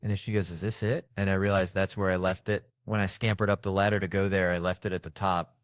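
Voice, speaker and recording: A man with a Southern US accent telling a profane comic story, acting out the characters with sudden jumps in pitch and loudness. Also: flat delivery, quick pace, clear, resonant tone, no echo, clean studio sound. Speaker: comedian storyteller. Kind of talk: casual storytelling.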